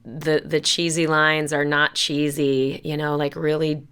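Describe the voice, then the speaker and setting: Female podcast co-host, low and slow, bright crisp tone, casual and warm-hearted. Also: flat delivery.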